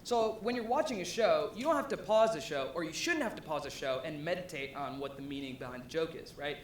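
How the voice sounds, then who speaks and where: A young man with a fairly high voice gives a relaxed live talk, and he fills it with ums and likes. The room carries a noticeable echo, with a faint rumble underneath. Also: a little fast. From USA (Ohio). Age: young adult. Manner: conversational, with frequent ums and likes and rising asides. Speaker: presenter. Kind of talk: casual live presentation talk. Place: event venue before an audience.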